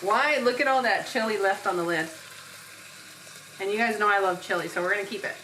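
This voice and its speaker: In her home kitchen, a woman hosts a cooking show, walking through a recipe step by step in a playful, chatty way and laughing often. Her medium-pitched voice is brisk, bright, and forceful, with a little hiss or hum in the recording.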